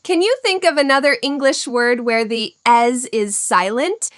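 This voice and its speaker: A woman teaching English in a scripted lesson, speaking slowly, clearly and encouragingly. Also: on the high side, a bit bright, no room sound, clean studio sound.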